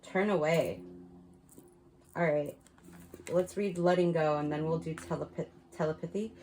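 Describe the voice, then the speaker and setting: A woman's voice: low-pitched, steady tone, a little slow, warm tone, slight background noise. A woman giving a casual spiritual card reading, talking frankly and chattily and laughing at her own slips. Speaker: tarot card reader.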